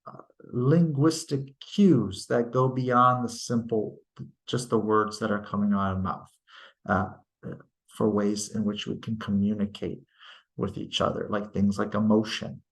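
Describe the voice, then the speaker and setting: Slow, patient male teacher. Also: mid-range voice. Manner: slow, deliberate, explains patiently with tag questions; demonstrates intonation by acting out sentences. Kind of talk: recorded lecture.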